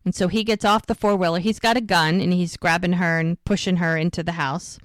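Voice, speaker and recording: Retelling an episode scene by scene, a woman co-hosting a podcast chats casually with lots of fillers. She speaks briskly in a fairly low, steady voice on a dry recording.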